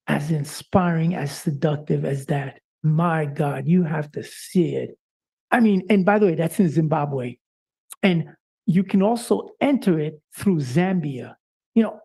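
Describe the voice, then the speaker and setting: A man's voice: a little high, gravelly, dark tone, slightly rough. A man co-hosting a live-streamed talk show, speaking in an impassioned, preacher-like way with frequent "uh" fillers.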